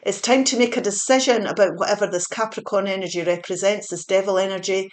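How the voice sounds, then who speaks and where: A woman's voice: mid-range voice, steady tone, quick pace. A woman giving a spiritual pick-a-card tarot reading, earnest and encouraging, repeating her points with small fillers. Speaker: tarot reader.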